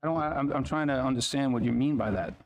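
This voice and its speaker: A man's voice: mid-range voice, fast. A man at a school board meeting, arguing his position insistently and repeating his points. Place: meeting room.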